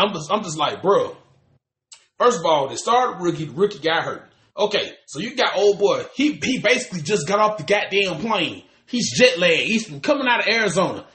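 A man's voice: high voice, a bit bright, reverberant. A man, co-hosting a podcast in casual chat, ranting animatedly and cursing with lots of restarts. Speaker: podcast co-host.

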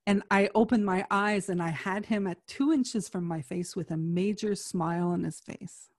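A woman in casual conversation, telling a personal story in an animated way and acting out the voices of people she quotes. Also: mid-range voice, moderate pace, no room sound, studio quality.

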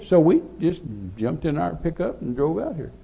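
An older man tells a long, rambling story from the pulpit, chuckling as he goes. His voice sits a little high for a man, with a gravelly edge and a dark, mellow tone. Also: sing-song, moderate pace. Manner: folksy, rambling, laughing storyteller. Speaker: preacher. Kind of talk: sermon storytelling.

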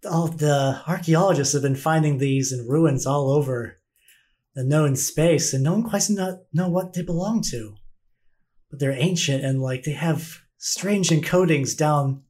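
A man's voice: fairly high pitch, a little slow, darkish tone, close to an everyday voice. A man voicing an eccentric flesh-eating female alien scientist, breezy and oddly polite. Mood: enthusiastic.

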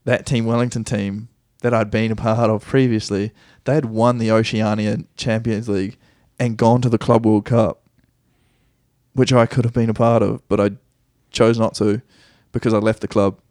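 Kiwi man, podcast guest, low voice, dry close sound, casual storyteller who loops back on himself. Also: level tone, moderate pace, darkish tone, dry recording. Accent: New Zealand. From New Zealand. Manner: rambling, self-correcting anecdotes with easy laughs. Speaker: guest soccer player.

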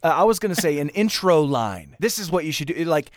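A man in a casual podcast chat, talking haltingly with many restarts and fillers. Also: a little high, big pitch swings, no echo, studio quality. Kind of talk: casual chat about voicing game characters.

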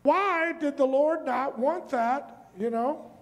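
A man's voice: very high voice, slow. A male pastor preaching a sermon, reading scripture and turning to the congregation with questions and asides. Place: church sanctuary. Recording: long hall reverb.

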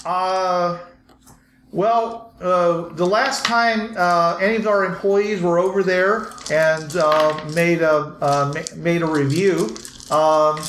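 A man running a tabletop game as game master, narrating with many pauses and fillers. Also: sits high, fairly even intonation, fairly bright tone. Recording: echoey room, background noise.

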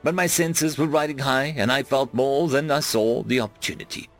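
A man narrating a web serial chapter aloud in first person, reading expressively with big dramatic swings and shouting out the dialogue. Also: mid-range voice, moderate pace, faint music behind. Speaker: audiobook narrator.

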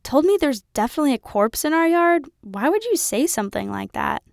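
Audiobook: woman playing a gruff, agitated middle-aged dad, loud, snarling, pitched high. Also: very animated, brisk, dry recording, clean studio sound, full character voice. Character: gruff middle-aged father, restless and odd.

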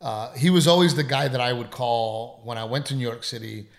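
A middle-aged man with a gravelly, creaky edge to his voice, chatting on a podcast at a middle pitch. He tells his story candidly and with emphasis, and he swears freely. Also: a little fast. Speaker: comedian and podcast co-host. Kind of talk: casual storytelling chat.

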